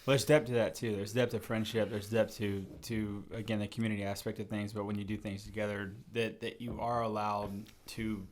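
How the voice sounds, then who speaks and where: A man's voice: fairly low pitch, flat delivery, fairly quick, hardly any pauses. A man co-hosting a podcast in casual chat, agreeable and reflective, often restarting phrases and saying "right, right.". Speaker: podcast co-host.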